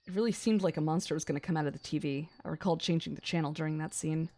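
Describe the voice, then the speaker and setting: A young adult woman streamer reading a visual novel aloud on a gaming stream, excitable and swearing between gasps and laughs. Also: sits low, very fast.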